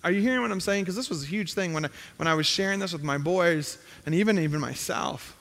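A man's voice: sits high, fast talker, gravelly, fairly bright tone. A middle-aged male pastor preaching a sermon in a conversational tone that rises to emphatic pleading. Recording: hall reverb.

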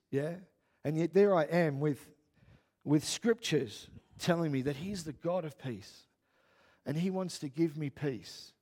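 A man, a pastor preaching a sermon in a chatty storytelling way that grows loud and worked up. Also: fairly high pitch.

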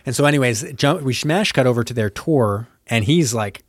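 A man in mid pitch recaps a film plot on a casual podcast. He keeps breaking into quick impressions of the characters. His voice is recorded dry and close, with no room around it. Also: no echo. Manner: animated retelling, acting out characters' lines. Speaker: podcast co-host. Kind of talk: casual movie recap chat.

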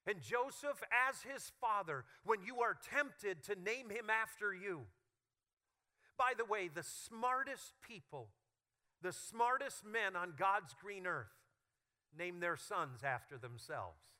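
A male pastor preaching a sermon with humorous, animated storytelling. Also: high voice, slow pace.

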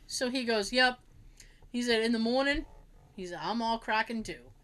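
A young woman with a bright, high voice chats casually. She tells family stories with lots of energy, puts on voices for her relatives, and laughs and swears freely. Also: moderate pace. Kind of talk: casual storytelling chat.

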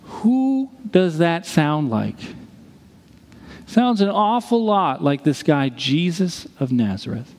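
A man preaching a sermon as a pastor, telling a story with dramatic pauses. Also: a little high, big pitch swings, darkish tone, big-room sound.

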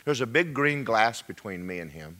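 A man preaching a testimony sermon, jumping from high loud cries to hushed whispers. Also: sing-song, normal speed.

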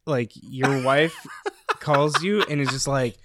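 A man's voice: mid-range voice, slow, fairly bright tone, dry recording. A man chats casually with friends, often laughing as he recalls a story. His voice sits mid-range and is recorded close and dry, with no room sound. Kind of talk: casual chat.

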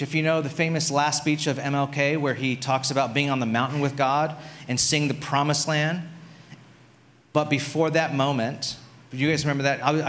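Male pastor with a fairly high voice, chatty sermon delivery, loose phrasing with lots of "like". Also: fairly bright tone, slight background noise. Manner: conversational preaching, frequent "like" and restarts.

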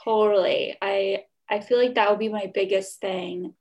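A young woman joins a podcast as a guest, speaking at an ordinary pitch. She talks casually and hesitantly, trailing off often and filling gaps with 'like' and 'um'. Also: steady tone, moderate pace, a little mellow. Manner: hesitant, trailing off, many fillers. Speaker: guest, illustrator. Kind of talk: casual chat.

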